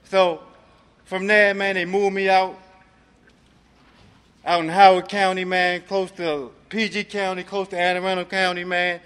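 A man's voice: high-pitched, level tone, unhurried, long pauses, fairly bright tone, clean tone, big-room sound. A man from Maryland giving a personal recovery testimony, streetwise and profane, filling his talk with "man". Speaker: recovery speaker.

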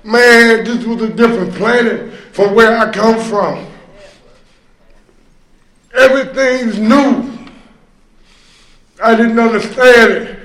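A man's voice: extremely high pitch, slow pace, pauses often, fairly bright tone, reverberant. A man sharing his recovery testimony at a meeting, telling his story conversationally with many fillers, bursts of emphasis and rueful laughs. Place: meeting room.

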